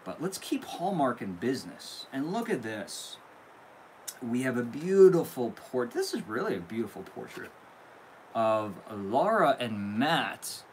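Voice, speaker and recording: A man in a relaxed live-stream chat, effusive and thankful, with a voice of ordinary middle pitch. A faint hiss sits under his speech. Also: measured pace, low-quality recording. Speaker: candle channel host. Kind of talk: casual live-stream chat opening viewer mail.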